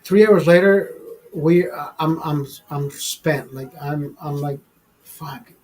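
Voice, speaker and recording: Profane rambling man with a husky voice. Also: fairly high pitch, slow pace, darkish tone, poor audio. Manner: profane, rambling, with frequent fillers and restarts. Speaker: show host telling a story. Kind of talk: casual live-stream storytelling. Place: studio.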